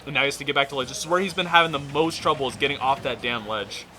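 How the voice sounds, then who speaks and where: A man commentating a live fighting-game match, breaking down the players' options in quick play-by-play with jokes. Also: mid-range voice, sharp tone, faint music behind. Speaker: esports commentator.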